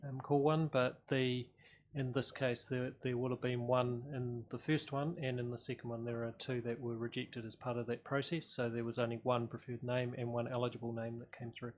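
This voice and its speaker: Nz guy explaining council policy, pretty flat delivery, matter-of-fact. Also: mid-range voice. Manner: matter-of-fact with some halting restarts. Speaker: council officer.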